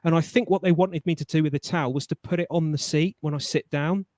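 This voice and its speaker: A man with a somewhat high voice tells a story on a live online chat. He is animated and colloquial and trips over his words as he goes. The sound is close and dry, with no room in it. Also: fast, no echo. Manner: animated, stammering restarts, colloquial. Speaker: guest.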